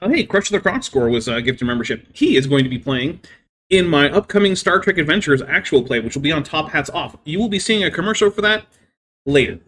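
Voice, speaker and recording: A man's voice: on the high side, expressive, a little fast, a bit bright. A man hosting a live stream, explaining science at length with many "I mean" fillers. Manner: careful, lecturing explanations. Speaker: livestream host.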